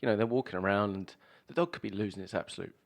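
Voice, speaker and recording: A man co-hosting a casual podcast chat, relaxed and conversational, laughing easily. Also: fairly low pitch, very fast, gravelly.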